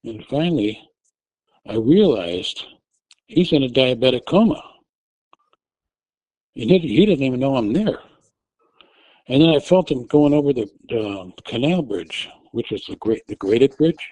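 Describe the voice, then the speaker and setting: A middle-aged man recounts a personal ordeal for an interviewer, often restarting his sentences. His voice is mellow and dark, and it climbs high and loud when he re-enacts his own shouting. The recording is dry, with no room sound. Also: lively intonation, unhurried, long pauses, no room sound, poor audio. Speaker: interview guest telling his testimony. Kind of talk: personal storytelling. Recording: audio only.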